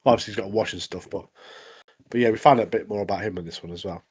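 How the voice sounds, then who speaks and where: A man's voice: lowish voice, rapid-fire, a little mellow, breathy edge. A man, co-hosting a podcast and recapping episodes in an easygoing, often laughing way. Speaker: podcast co-host. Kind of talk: casual chat about anime episodes.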